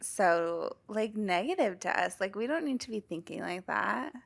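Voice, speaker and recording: A woman's voice: mid-range voice, expressive, normal speed, creaky. A young woman co-hosting a casual podcast chat, talking candidly with frequent laughs and lots of "like" fillers. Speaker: podcast co-host.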